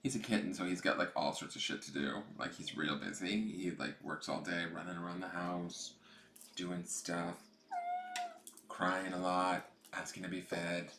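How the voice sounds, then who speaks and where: This tarot reader has a deep, fairly bright voice and keeps a steady tone at a moderate pace. He rambles casually through a livestream reading with some cursing, recorded on a camera mic in an echoey room with a little hiss or hum.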